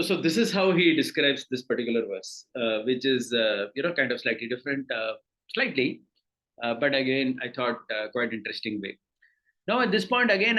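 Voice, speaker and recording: A man's voice: mid-range voice, sharp tone, low-quality recording. A man with an Indian accent teaching a scripture class, explaining patiently with many fillers and repeated words.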